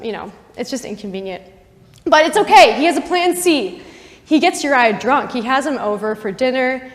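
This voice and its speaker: Young woman giving a chatty faith talk, kinda high voice, big echoey chapel. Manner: chatty, animated, lots of asides. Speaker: campus missionary speaker. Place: university chapel. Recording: long chapel reverb.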